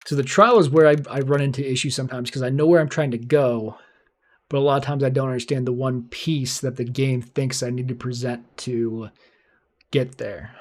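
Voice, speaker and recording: A man's voice: medium pitch, fairly even intonation, normal speed. A man streaming a courtroom puzzle game, chatting and thinking aloud about his next moves. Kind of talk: casual game commentary with read-aloud dialogue. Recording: faint music behind.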